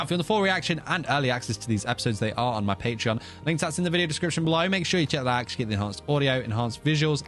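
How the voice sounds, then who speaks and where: A young man hosting an anime reaction video, excitable, swearing freely and shouting when the action peaks. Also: mid-range voice. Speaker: reaction channel host. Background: faint anime soundtrack.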